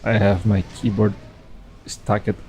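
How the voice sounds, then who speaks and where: A man giving casual video game commentary from his computer at home, relaxed and thinking aloud with chatty asides. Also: lowish voice, takes it slowly, faint music behind, poor audio. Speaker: game caster. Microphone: desk microphone.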